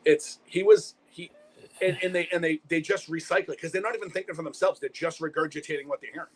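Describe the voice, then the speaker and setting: A man co-hosting a live talk show, agreeing emphatically in quick casual chat. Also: on the high side, steady tone.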